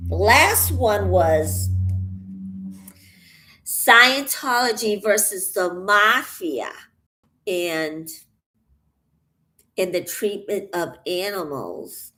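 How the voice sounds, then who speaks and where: Slow, breathless woman rambling while crafting. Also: on the low side, big pitch swings, bright, forceful tone. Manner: rambling, thinks aloud, pauses often. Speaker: channel host. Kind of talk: casual vlog while painting.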